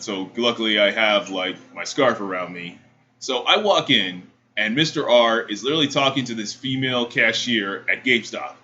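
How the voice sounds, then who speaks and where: A man co-hosting a podcast, telling a story in a casual, animated way and imitating the people in it. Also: on the low side. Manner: animated, mimics people in quoted voices. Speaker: podcast co-host. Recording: dull lo-fi audio with faint hiss.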